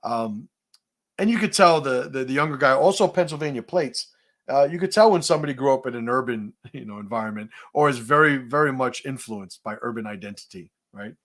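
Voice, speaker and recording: A man's voice: medium pitch, expressive, fairly quick, fairly bright tone. A man from New City, hosting a livestream, telling stories and answering chat comments in a profane, rambling way. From New York City. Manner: profane, storytelling, many fillers and restarts. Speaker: livestream host. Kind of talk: casual livestream talk, reading chat comments.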